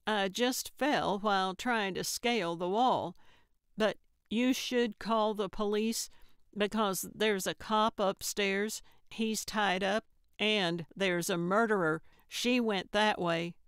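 A woman's voice: mid-range voice, fairly even intonation, slow, a bit bright, clear, resonant tone, dry recording, studio quality. A woman doing a blunt cantankerous old lady sleuth. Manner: blunt and grumbling.

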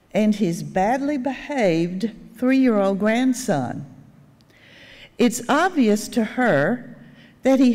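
An older woman lay speaker giving a sermon in a church sanctuary, telling stories with gentle humor. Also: medium pitch. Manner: unhurried storytelling with gentle humor. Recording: long reverb in a church sanctuary.

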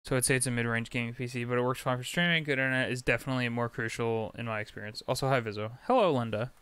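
Speaking very fast in a steady, mid-range voice that is fairly bright, clear and resonant, a young man streams a video game. He chats with viewers and swears freely as he plays. The recording is dry, with game music and sound effects in the background.

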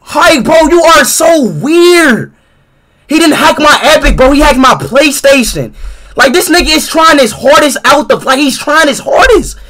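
A young man streaming a game, talking in an excitable, exasperated, profane way that keeps breaking into shouts. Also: very high voice, moderate pace. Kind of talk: live game-stream commentary.

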